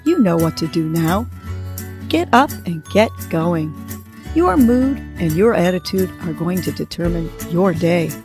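A woman's voice: lowish voice, expressive, unhurried, a little mellow, faint music behind. A woman hosting a podcast, guiding a breathing exercise and giving encouraging, coaching words. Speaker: podcast host. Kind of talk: guided breathing and motivational talk.

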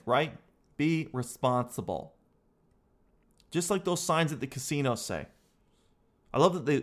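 A man with an ordinary mid-range voice works himself up in a comedic monologue. He sounds exasperated and amused at once, swears freely and keeps addressing the listener as "dude.". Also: mid-range voice. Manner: animated, exasperated, peppered with "dude"; swears casually. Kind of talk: comedic rant.

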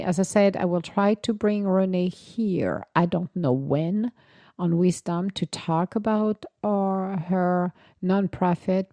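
Woman host with a French accent, low and mellow voice, casual animated storyteller, dry close sound. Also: no room sound. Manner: chatty, animated storytelling with French words mixed in. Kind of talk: casual solo live chat.

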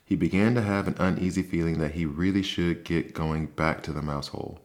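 A man calmly reading a bedtime story aloud as the host of a sleep podcast. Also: sits low, brisk.

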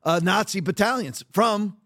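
A man with a fairly high voice hosts his own podcast, talking through the news in a blunt, emphatic way. He rambles and restarts his sentences as he argues his point. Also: normal speed, fairly bright tone. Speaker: podcast host. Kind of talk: opinionated political commentary.

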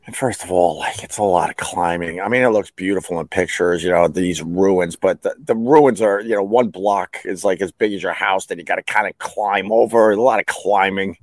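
A man's voice: low-pitched, normal speed, hardly any pauses, no echo. A middle-aged man hosting a podcast, rambling through his own stories, swearing and laughing at himself. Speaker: podcast host, former radio host. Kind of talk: rambling solo storytelling.

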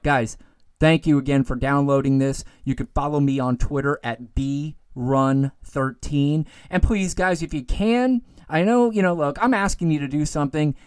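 Male podcast host, solo rant, lively, worked-up delivery, dry close sound. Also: medium pitch, smooth, no echo. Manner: animated, ranting, gets worked up then calms. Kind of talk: solo political commentary podcast.

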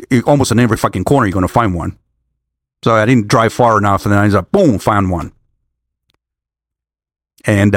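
A man's voice: on the low side, no room sound, clean studio sound. Older man rambling with constant restarts. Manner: rambling, halting restarts, frequent swearing. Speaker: vlogger on a work trip. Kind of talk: casual rambling monologue.

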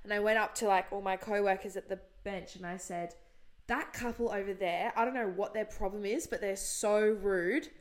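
A woman's voice: medium pitch, moderate pace. A young woman hosting a podcast, telling exasperated stories in casual chat. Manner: chatty, exasperated storyteller. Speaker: podcast host.

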